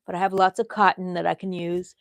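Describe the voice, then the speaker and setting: A woman's voice: on the low side, little pitch movement, brisk, gravelly, no room sound. Chatty woman crafting on livestream. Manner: chatty, rambling, reads out viewer comments. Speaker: crochet livestream host. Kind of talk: casual livestream chat.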